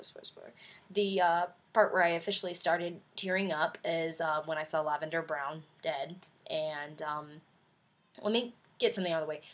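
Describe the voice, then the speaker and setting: A young adult woman chatting in a casual video review, effusive and rambling with many fillers. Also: fairly low pitch. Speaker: vlogger.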